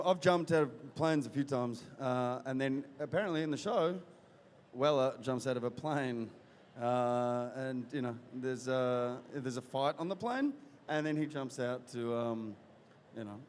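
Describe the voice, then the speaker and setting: A male actor chatting as a guest in an interview, talking in halting bursts full of fillers and restarts. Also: medium pitch, slight background noise. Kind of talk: casual interview chat. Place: convention event hall. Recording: reverberant hall with faint crowd ambience.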